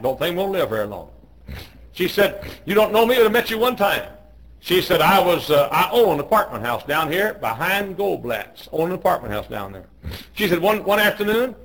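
A male pastor with a gravelly, slightly high voice tells a sermon story in a folksy, homespun manner. He restarts phrases and clears his throat as he goes. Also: a bit bright, rough recording.

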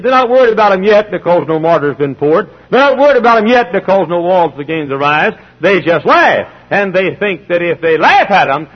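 Man, middle-aged, emphatic preaching, husky voice, dull lo-fi recording. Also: fairly high pitch. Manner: emphatic preaching with repetitions, acting out dialogue. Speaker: pastor. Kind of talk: sermon.

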